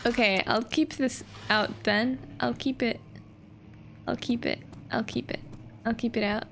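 A woman's voice: fairly high pitch, fairly even intonation, unhurried, gravelly, a little hiss or hum. A young woman streaming a game, chatting with viewers in a playful, sweary, giggly way. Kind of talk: casual gameplay commentary.

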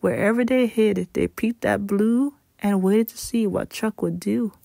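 A woman reading a children's picture book aloud in a gentle, unhurried storytime voice. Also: medium pitch, vocal fry, dry recording, clean studio sound.

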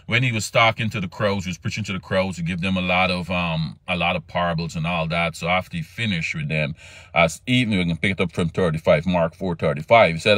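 A man preaching a sermon with fervor, his voice climbing high when he acts out desperate pleas. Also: fairly even intonation, quick pace, fairly bright tone, no room sound.

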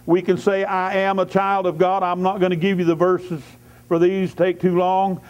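A man's voice: high-pitched, monotone, moderate pace, a little mellow, clean tone. A man preaching an evening church sermon as a lay preacher, fervently repeating declarations and breaking in with hallelujahs. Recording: dull lo-fi church service recording.

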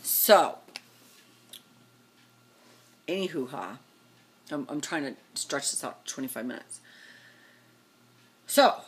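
A woman vlogger telling a casual story, animated and acting out what people said with big jumps in her voice. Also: husky. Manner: animated, acts out quotes with big pitch jumps.

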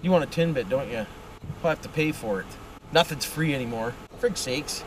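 A man's voice: medium pitch, animated, moderate pace. Chatty Ontario man driving in a windy van. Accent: Ontario Canadian. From Ontario, Canada. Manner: rambling, tags lines with "it is", "boys", "friggin' right". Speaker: vlogger. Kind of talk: casual driving vlog. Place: inside a van, driving with a window open. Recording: windy, from a distance in a car.

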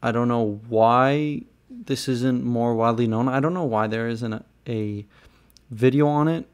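A man's voice: mid-range voice, unhurried, clear, resonant tone. A man casually explaining a tech fix to viewers, a bit heated and rambling, with fillers and restarts. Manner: frustrated, rambling, talks to viewers directly. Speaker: tech tutorial host. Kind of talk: casual screen-recorded tutorial.

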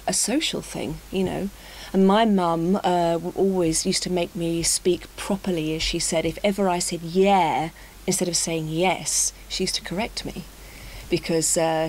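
A woman with a fairly low voice talks through her thoughts in a relaxed conversation. She hesitates and repeats words as she thinks. A faint hiss sits under the recording. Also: rough recording. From United Kingdom. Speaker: speaker in an English-learning talk. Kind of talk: unscripted conversation.

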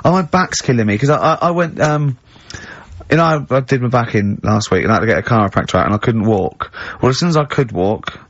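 A man hosting a radio show, chatting casually, telling stories and laughing often in high giggles. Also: animated, quick pace, no echo, muffled recording. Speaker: radio host.

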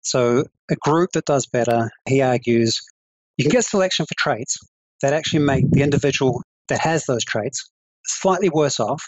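A man's voice: medium pitch, dry recording, lo-fi sound. A man with a New Zealand accent, a psychology professor and podcast guest, explaining carefully and hedging his claims. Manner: measured, careful explaining with hedges. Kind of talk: conversational interview.

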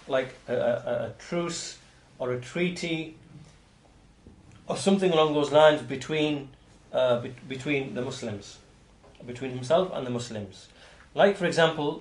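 A man lecturing as a religious teacher, his voice sitting at an ordinary middle pitch. He explains step by step, often stumbling and repeating words before going on. The recording carries a noticeable roomy echo. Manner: halting, frequent restarts and repeated words.

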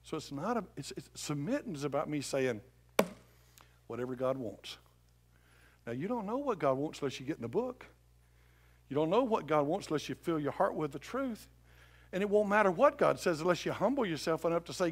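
A middle-aged male pastor preaching a sermon with passion, swinging from loud appeals to hushed pleading. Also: on the high side, animated, normal speed, long pauses, breathy edge.

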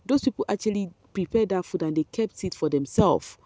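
Excitable Nigerian woman with a mellow voice. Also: medium pitch, brisk, dry recording. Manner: excitable, laughs often, talks straight to viewers. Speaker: reality show commentator. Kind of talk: casual reality TV commentary.

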